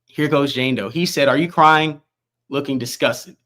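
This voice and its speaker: A man reading court transcript aloud as an online news commentator, halting and repeating words, with casual asides. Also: mid-range voice, a bit bright. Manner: reads in a rushed, halting way, stumbling and repeating words.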